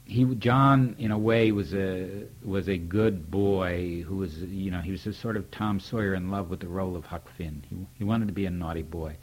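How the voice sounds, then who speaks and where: Older man, deep husky voice, candid and wry, tells anecdotes about a mentor. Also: normal speed, few pauses. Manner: candid, wry storyteller who acts out remembered dialogue. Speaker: poet recalling a mentor. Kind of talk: reflective spoken reminiscence.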